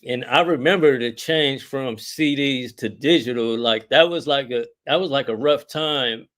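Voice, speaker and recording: A laid-back middle-aged man chats as a podcast guest in an easygoing, meandering way, full of slang and filler. His voice sits at a middle pitch. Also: unhurried, fairly bright tone. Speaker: rapper guest. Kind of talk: casual podcast interview.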